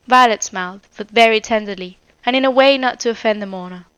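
A woman narrates a storybook aloud in a measured, expressive way. Her voice is smooth and a little high. The recording is close and dry, with no room sound. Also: no echo. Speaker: audiobook narrator. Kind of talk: scripted narration.

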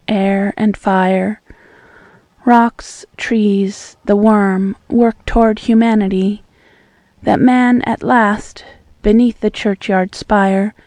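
Slow, dark-voiced woman reading poetry. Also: medium pitch, dry recording. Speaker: volunteer audiobook reader.

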